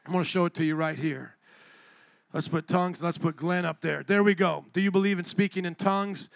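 A male pastor preaching a sermon, telling a story with lively energy and questions to the congregation. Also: high-pitched, brisk, gravelly, no room sound. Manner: animated storytelling, talks to the congregation. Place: church.

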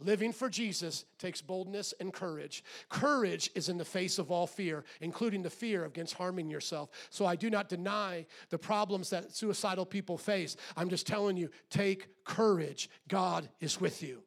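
A middle-aged man with a notably high voice preaches a sermon in a church. He drops to a hushed, low delivery and then builds to loud, shouted exhortation. He questions the congregation directly. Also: moderate pace, hardly any pauses. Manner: acts out quoted voices, asks the congregation questions. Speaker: pastor.

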